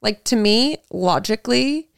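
A woman podcast co-host in casual chat, her voice gravelly with vocal fry from screaming the day before, talking in a loose, filler-heavy way. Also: on the high side, lively intonation, a little slow, no echo, clean studio sound. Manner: chatty, lots of "like" fillers.

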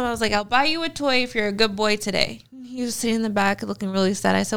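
A woman co-hosting a casual chat, telling animated stories and acting out conversations with her young son. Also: medium pitch, fast, hardly any pauses, clear, resonant tone. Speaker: podcast co-host.

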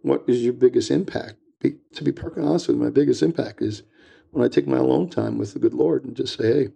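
A man's voice: medium pitch, fast, vocal fry, warm tone, breathy edge. An older man talking earnestly about family and faith as a podcast guest. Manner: earnest, reflective, storytelling. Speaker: guest speaker. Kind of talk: casual podcast conversation.

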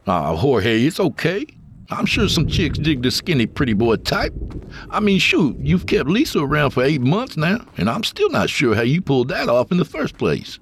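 A man's voice: a little high, wildly swooping pitch, normal speed, slight background noise. An actor playing a cocky young college student who teases his friends. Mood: teasing. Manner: joking, ribbing.

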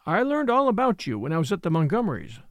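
Male narrator putting on a shy, frank young woman; lively lilt, dry sound. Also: high-pitched, quick pace, dry recording. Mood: hesitant. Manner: hesitant, soft-spoken. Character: young woman, hesitant and frank city girl.

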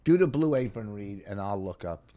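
A man's voice: lowish voice, animated, normal speed, warm tone, no room sound. A man co-hosting a podcast, telling a rambling story full of curses and indignation. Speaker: podcast co-host. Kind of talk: casual storytelling chat.

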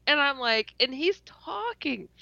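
A woman telling a personal story in a casual interview, animated and laughing often, stuttering and restarting as she goes. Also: sits high, unhurried, creaky, no echo. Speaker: interview guest. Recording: dull lo-fi dry recording.

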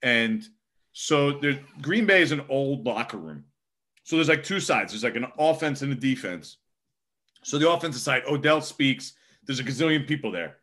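A man's voice: medium pitch, lively intonation, moderate pace, a bit bright. A man, a sports reporter, telling a story casually and rambling with lots of filler words.

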